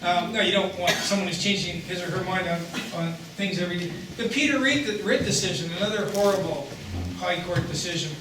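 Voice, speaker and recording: Guy cracking jokes at a seminar, high-ish voice, super echoey hall, mic far off and noisy. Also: brisk. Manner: joking, conversational, frequent restarts. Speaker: guest speaker at a seminar. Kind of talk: lecture with jokes. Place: hall with audience.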